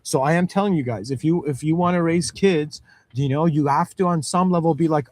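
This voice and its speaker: Thirties male lecturer from the Middle East, casual and chatty, fairly high pitch, dry close recording. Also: a little fast, a little mellow, no room sound. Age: 30s. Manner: conversational, repeats "you know" and "okay"; acts out parent and child voices.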